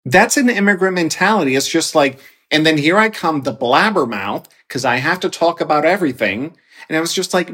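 A man in his forties telling a personal family story in a candid, expressive way. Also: on the high side, a little fast. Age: 40s. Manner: candid, expressive, animated when quoting himself. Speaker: guest storyteller.

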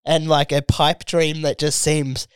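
Crude Australian man, smooth and dry. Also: a little high, flat delivery, measured pace, no room sound. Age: late 20s. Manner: crude, slangy, puts on mocking voices in stories. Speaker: podcast co-host, stand-up comedian. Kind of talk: casual chat.

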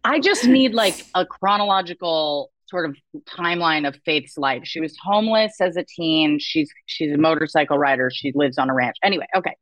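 Dry-witted woman comedian, low voice. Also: normal speed, few pauses, a bit bright, no room sound. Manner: dry, wry quips. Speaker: podcast guest, comedian. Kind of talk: casual recap chat.

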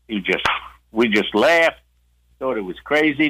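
A man's voice: medium pitch, animated, measured pace, long pauses, a bit bright, poor audio. Older man spinning a rambling yarn. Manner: rambling, with many restarts and acted-out quotes. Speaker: guest, veteran storyteller. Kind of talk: casual storytelling.

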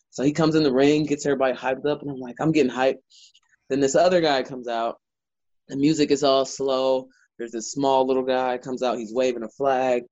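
A man's voice: mid-range voice, brisk, dry recording, lo-fi sound. A man, a wrestler guest, telling stories in a casual interview with lots of filler words. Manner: animated storyteller, lots of "like" fillers.

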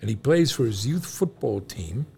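A man's voice: medium pitch, lively intonation, moderate pace, gravelly, darkish tone, a little hiss or hum. A middle-aged man co-hosting a casual chat with his son, telling jokes and sharing good news in a playful, chuckling way. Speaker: co-host, father.

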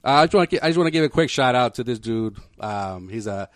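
A man's voice: medium pitch, animated, quick pace, no echo, clean studio sound. A man co-hosting a sports podcast, telling a rambling story in casual chat and laughing as he goes. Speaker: podcast co-host.

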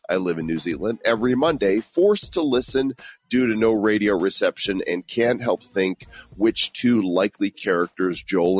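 Low-voiced man co-hosting a podcast. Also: no room sound. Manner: jokey, reads listener reviews aloud. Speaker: podcast co-host. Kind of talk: casual podcast chat.

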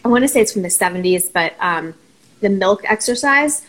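A woman therapist, a guest on a talk show, explaining ideas in a steady teaching tone. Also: medium pitch, a little fast, rough recording. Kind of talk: conversational explanation.

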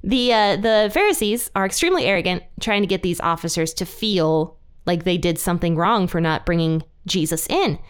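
A young woman hosting a podcast, teaching a Bible passage in a chatty, animated way. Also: lowish voice, moderate pace, smooth. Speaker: podcast host. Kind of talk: casual Bible study teaching.

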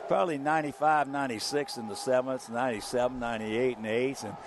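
An older man, a former ballplayer, telling stories as an interview guest in an animated, chuckling way. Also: mid-range voice, fast, background noise. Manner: animated storyteller, chuckling through anecdotes. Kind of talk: anecdotal interview storytelling.

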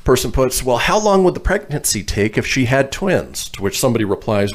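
A man's voice: medium pitch, very animated, brisk, few pauses. A man hosting a radio show, reading posts aloud and laughing often in casual banter.

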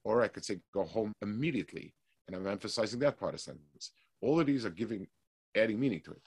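A man teaching a weekly Torah class, explaining slowly with restarts and reading passages of Hebrew text quickly. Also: fairly low pitch, animated, vocal fry, darkish tone, slightly rough, dry recording.

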